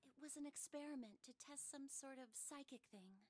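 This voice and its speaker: An actress voicing a nervous, secretive young woman in a visual novel, speaking hesitantly and sometimes in a hushed whisper. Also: high voice, normal speed, lightly acted. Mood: earnest, probing.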